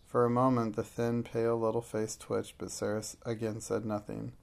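A man reading a story aloud in an even, unhurried manner as an audiobook narrator. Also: fairly low pitch, creaky. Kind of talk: scripted narration.

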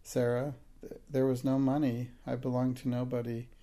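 A soft-spoken, earnest orphan girl from a storybook speaks plainly and quietly, read by a man. The voice stays level and mellow. It has a slight gravelly edge. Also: medium pitch, little pitch movement, moderate pace, natural voice. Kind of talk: audiobook reading.

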